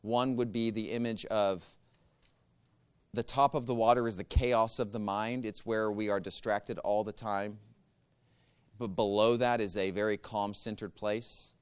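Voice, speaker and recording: A man teaching a church group a guided meditation practice, calm and measured, giving step-by-step instructions. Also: fairly low pitch, smooth.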